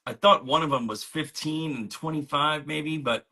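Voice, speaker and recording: A man's voice: on the high side, moderate pace, bright, forceful tone. A man co-hosting a live comic sale, relaying viewers' offers and joking with playful banter. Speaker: co-host relaying chat offers. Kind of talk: live sales stream chat.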